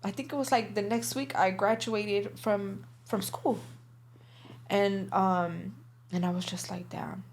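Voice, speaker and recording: A young woman speaks as a guest in a casual interview, telling her story candidly. Her talk is loose and profane, full of filler words. Her pitch sits in a middle range for a woman. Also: steady tone, slow pace, slight background noise.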